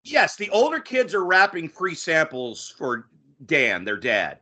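A man's voice: fairly high pitch, unhurried. A man chatting casually as a podcast host, recapping a TV episode and acting out lines from it. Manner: animated, acts out quoted lines.

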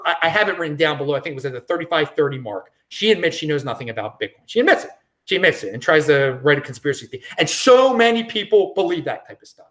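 Male solo podcast host, opinionated and rambling, lively swooping pitch. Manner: opinionated, rambling, frequent restarts.

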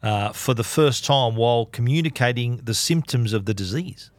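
A man's voice: mid-range voice, moderate pace, no room sound. Chatty man recapping a film. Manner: chatty, recaps plot with quoted lines. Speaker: podcast co-host reviewing a film. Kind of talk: casual chat.

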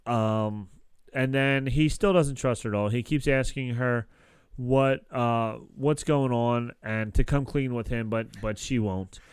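A man's voice: mid-range voice, unhurried, clear, resonant tone, no echo. A man casually recapping a TV episode on a podcast, rambling with lots of fillers and restarts. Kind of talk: casual chat.

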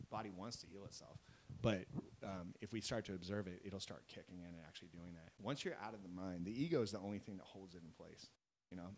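This low-sitting male voice comes through with some background noise. As a guest on a podcast, the athletes' mental coach explains his ideas in earnest, peppering his talk with "right?" and "you know?" to keep listeners with him.

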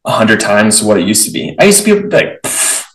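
A young man hosting a podcast, animated and chatty, acting out his own thoughts. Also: fairly low pitch, fairly quick. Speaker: podcast host. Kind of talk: casual conversational interview. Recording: roomy, distant from the mic.

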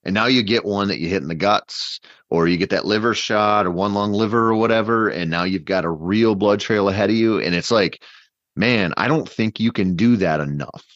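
A man casually telling a long story in a rambling, animated way, full of fillers and restarts. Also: lowish voice, normal speed, dry recording. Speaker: podcast guest hunter. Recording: dull, dry podcast mic.

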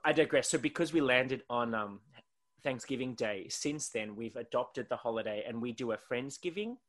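Australian male podcast co-host, bright and chatty, rambles with lots of fillers. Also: medium pitch, normal speed, slight background noise. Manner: rambling, heavy use of "like", laughs often. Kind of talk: casual podcast chat.

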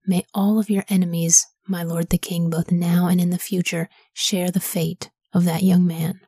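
A woman's voice: on the low side, little pitch movement, normal speed, mellow, slightly rough, no room sound, studio quality. A woman reading the formal, grave lines of a male foreign messenger bringing news to a king.

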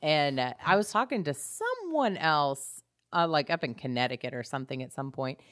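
A woman's voice: sits low, big pitch swings, moderate pace, fairly bright tone, no room sound, clean studio sound. A woman co-hosting a podcast, telling long rambling stories in a casual chat. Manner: chatty, rambling storyteller. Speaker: podcast co-host.

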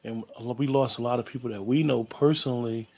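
A man interviewing a guest in a relaxed, slangy way, often repeating his words. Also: medium pitch, brisk. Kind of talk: casual interview talk.

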